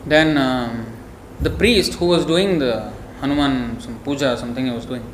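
A man's voice: mid-range voice, moderate pace. Emphatic man preaching in an echoey room. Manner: emphatic, scolding, storytelling. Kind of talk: devotional sermon. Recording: echoey room, faint background noise.

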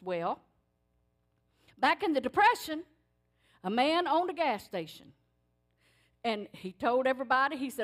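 An older woman giving a sermon in church, telling stories in an animated, emphatic way. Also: sits high, normal speed, pauses often. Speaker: church speaker. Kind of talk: sermon testimony.

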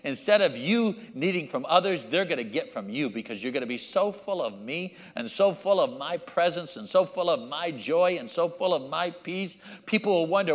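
A man preaching a sermon as pastor, acting out his children and church members with lively changes of voice. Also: on the high side, big-room sound.

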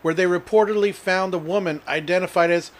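A man's voice: high voice, steady tone, a little fast, crowd noise. A man co-hosting a casual podcast, reading odd news stories aloud and often laughing as he reads. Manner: laughs while reading, playful. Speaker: podcast co-host.

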